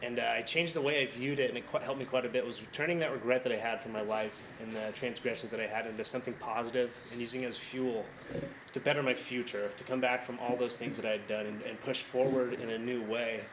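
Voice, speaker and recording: A man's voice: medium pitch, steady tone, quick pace, background noise. A man graduating from a program, giving a candid, reflective personal speech at a ceremony.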